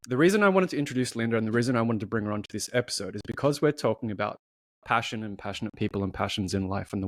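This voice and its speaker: A man's voice: on the low side, no echo. A man hosting a podcast, talking in a chatty way and often breaking off his own sentences. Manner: chatty, self-interrupting. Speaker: podcast host. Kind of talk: casual chat.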